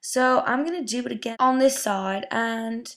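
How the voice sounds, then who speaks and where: A young beauty vlogger gives a casual hair tutorial in a fairly high voice at normal speed, with gravelly vocal fry. She's chatty, dropping lots of "like" and "um."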